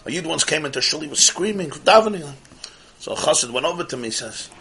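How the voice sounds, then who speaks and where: A Torah teacher delivers a Chassidic lecture in English, sprinkling in Yiddish and Hebrew terms. His voice sits on the high side, animated and quick, swinging from loud outbursts down to near-whispers.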